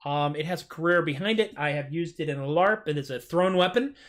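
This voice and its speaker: A man's voice: lively intonation, brisk. A man hosting a live music stream, bantering goofily and theatrically between comic songs. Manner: goofy, theatrical, jumps in pitch. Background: acoustic guitar.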